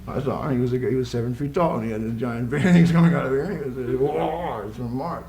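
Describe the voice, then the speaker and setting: This poet speaks quickly in a mellow mid-range voice touched with vocal fry. He reads to an audience in a college social room, laughing between lines and wandering off into playful tangents, all captured in an echoey live recording.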